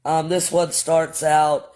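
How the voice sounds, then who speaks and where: A man hosts a casual livestream, speaking in a voice that sits a bit higher than most men's. He tells his story bluntly, swears freely and keeps addressing his viewers directly. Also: level tone, takes it slowly, a little mellow. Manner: blunt and profane, addresses chat as y'all. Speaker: livestream host.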